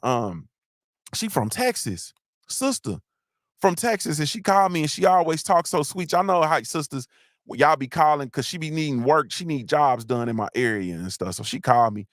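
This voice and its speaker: A man's voice: mid-range voice, no room sound. Middle-aged guy on a livestream, slangy and rambling, dry close sound, mid voice. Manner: slangy, rambling, shouts out chat names. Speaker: livestream host. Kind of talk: casual livestream chat.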